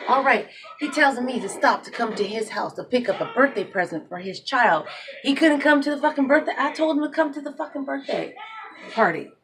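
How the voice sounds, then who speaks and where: A woman in her thirties speaks in a slightly high voice, a single mother pouring out her story in a blunt, animated monologue. She swears freely and builds up heat as she goes. A faint hiss of background noise sits under the recording. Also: a little fast. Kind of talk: emotional personal monologue.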